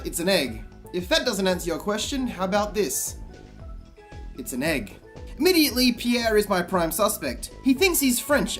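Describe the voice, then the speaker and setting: A man giving sarcastic, comedic commentary on a game, with exasperated and deadpan asides. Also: high-pitched.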